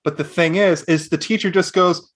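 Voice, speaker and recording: A man with a fairly high voice chats on a podcast with a friend. He is animated and loose, swearing freely and acting out what people said. The talk is casual and unscripted. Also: moderate pace. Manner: animated, acts out quotes with raised voice. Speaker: podcast co-host. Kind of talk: casual chat.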